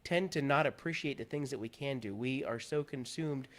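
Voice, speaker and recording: A man's voice: mid-range voice, moderate pace. A man from Pennsylvania, a guest on a talk show, sharing his own story in an earnest, candid way. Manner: earnest, candid, animated when recounting. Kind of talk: conversational interview, personal story.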